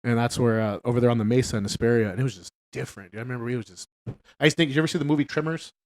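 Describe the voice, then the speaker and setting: A man's voice: mid-range voice, very fast. A man from New York co-hosting a casual podcast chat, a blunt storyteller who swears freely and laughs often. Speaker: podcast co-host.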